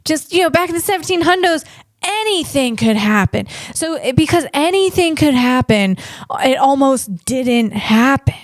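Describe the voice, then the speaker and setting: Woman comedian host, higher voice, rambling casual chat, dry close mic. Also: animated, moderate pace, no room sound. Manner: rambling and digressive, lots of restarts.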